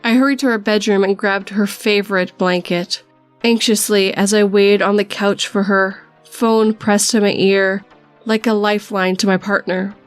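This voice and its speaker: A woman reading a first-person horror story aloud in a measured storytelling manner. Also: mid-range voice, steady tone, clear, resonant tone, faint music behind.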